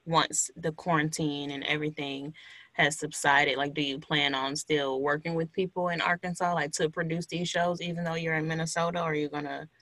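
An interviewer from Milwaukee asking questions in a relaxed, casual chat, full of fillers. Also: medium pitch, a little fast, dry recording. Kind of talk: casual conversation.

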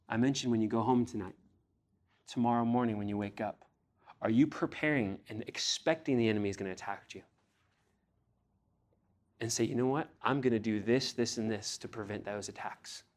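A young man delivering a sermon in an earnest preaching voice, pitched in a middle register. He reads scripture aloud and puts pointed questions to his congregation, lifting his voice on the phrases he stresses. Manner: earnest preaching, rising with emphasis on key phrases. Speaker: pastor.

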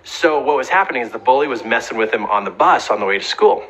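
Lively, bright-voiced man giving advice. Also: mid-range voice, quick pace, low-quality recording. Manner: earnest, emphatic, acts out quoted voices. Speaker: speaker giving advice on bullying. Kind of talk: motivational talk.

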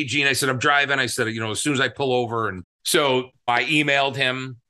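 Business owner guy on a podcast, kinda low voice but punchy, rambling excited storytelling. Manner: excited, rambling, acts out quotes. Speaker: guest, soda business owner. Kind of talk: storytelling in an interview.

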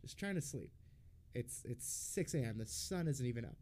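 A young man talks through a story in a loose, rambling way, packed with swearing and fillers. He is a podcast host chatting with friends, and his voice sits at an ordinary middle pitch. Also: lively intonation, normal speed, darkish tone, a little hiss or hum. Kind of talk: casual chat.

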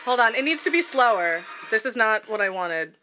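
A woman hosting a podcast in casual chat, blunt and quick to swear. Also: a little high, expressive, music in the background. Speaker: podcast host.

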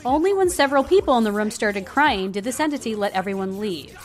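A woman's voice: medium pitch, quick pace, faint music behind. A woman co-hosting a casual podcast, reading stories aloud and chatting playfully with frequent laughter. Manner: animated, laughs often, playful.

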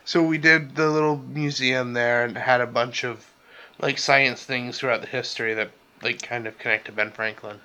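A man's voice: medium pitch, steady tone, normal speed, pushed and bright, smooth. A young man co-hosting a casual vlog, chatting in a dry, teasing way. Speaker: vlog co-host. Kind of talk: casual chat.

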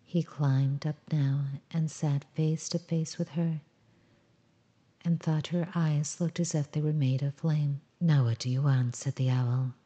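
A woman reading a children's story aloud in a calm, measured storybook style. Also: sits low.

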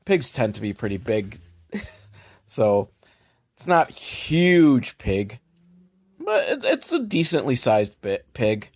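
A man hosting a comedy podcast, sarcastically recapping a film with profanity and quick mock voices for the characters. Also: mid-range voice, wildly swooping pitch, darkish tone, husky.

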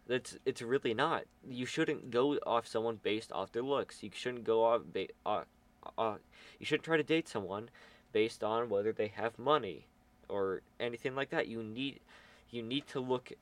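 A man's voice: mid-range voice, moderate pace. A teenage boy chatting casually, telling a school story in a rambling way with many fillers. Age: teens. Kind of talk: casual chat.

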